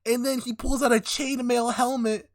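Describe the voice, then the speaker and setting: A man's voice: very high voice, little pitch movement, moderate pace, dry recording, clean studio sound. A young man hosting a podcast, animatedly telling a made-up story, laughing and swearing often. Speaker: podcast host. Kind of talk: casual chat.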